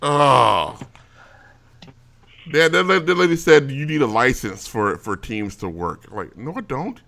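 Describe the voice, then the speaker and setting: A man's voice: mid-range voice, lively intonation, measured pace, creaky, sharp tone. A man co-hosting a casual podcast, telling an exasperated, ranting story full of restarts. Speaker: podcast co-host.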